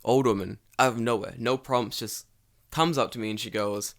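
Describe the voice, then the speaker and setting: A young man with a London accent, co-hosting a podcast and telling comic stories in a lively, profane, casual way. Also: on the low side, moderate pace, gravelly. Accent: London English. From England. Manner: animated, profane, comic storytelling. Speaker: podcast co-host. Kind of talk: casual storytelling chat.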